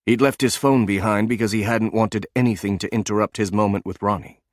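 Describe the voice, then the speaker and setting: A man narrating a suspense audiobook in an even, measured storytelling manner. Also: on the low side, no echo, clean studio sound.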